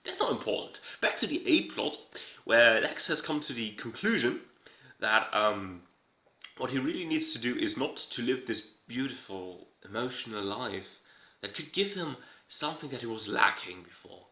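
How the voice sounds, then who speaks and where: A man's voice: mid-range voice, very animated, moderate pace, pushed and bright. Rambling, irreverent man in a roomy room. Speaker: video host recapping a TV episode. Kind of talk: casual recap. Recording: roomy echo.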